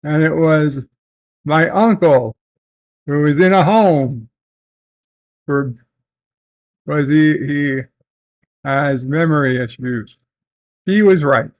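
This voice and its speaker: A man vlogging from home, telling a family story in a slow, halting way with many fillers and restarts. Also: on the high side, darkish tone. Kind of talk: casual storytelling. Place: at home, in bed.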